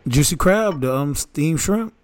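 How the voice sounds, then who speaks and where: A man in casual podcast chat who talks in halting bursts with fillers. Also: a little high, lively intonation. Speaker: podcast co-host.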